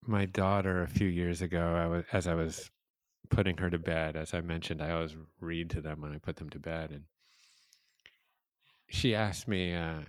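A man's voice: low voice, moderate pace, no echo. A middle-aged man hosting a conversation, speaking in a reflective, hesitant way. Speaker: podcast host. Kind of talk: casual conversation.

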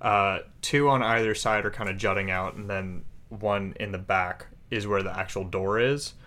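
A man running a tabletop game, describing the scene in a casual, halting way. His voice is fairly low and bright, with a crisp, forward edge. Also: fairly even intonation. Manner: casual, hesitant with fillers. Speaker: game master.

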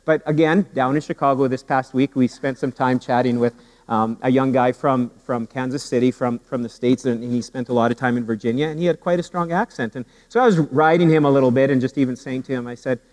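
A pastor preaching a sermon with humor and animated storytelling, often repeating his words as he goes. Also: mid-range voice, fairly quick, big-room sound, poor audio. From Canada.

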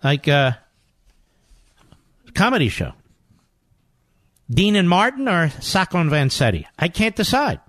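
A man's voice: high-pitched, wildly swooping pitch, unhurried, long pauses, fairly bright tone, dry recording. Sarcastic talk radio host, man. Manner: sarcastic, mocking, exclaiming. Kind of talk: political talk radio commentary.

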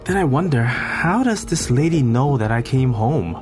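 A man reading a scripted first-person voice-over, in a measured, plain storytelling manner. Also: medium pitch, lively intonation, over music. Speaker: voice-over narrator. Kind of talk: scripted narration.

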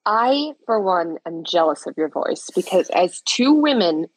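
A woman's voice: lowish voice, big pitch swings, measured pace, husky, no echo. A woman from Chicago in her thirties, co-hosting a podcast in a playful, teasing casual chat. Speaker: podcast co-host.

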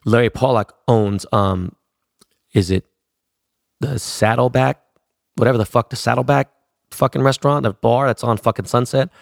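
A man's voice: medium pitch, fairly even intonation, moderate pace, vocal fry, long pauses, no echo, clean studio sound. A middle-aged man from Los Angeles telling a rambling story in casual, slangy talk, swearing constantly.

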